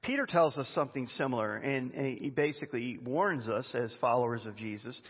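A man preaching a sermon as a pastor, animated and conversational, with chatty asides. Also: medium pitch, a little fast, breathy edge. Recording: dull lo-fi sound with long reverb in a hall.

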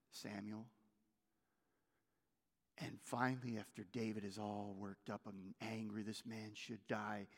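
A man preaching a sermon as pastor, moving between loud urgent stretches and hushed, almost whispered lines. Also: medium pitch, gravelly, big-room sound.

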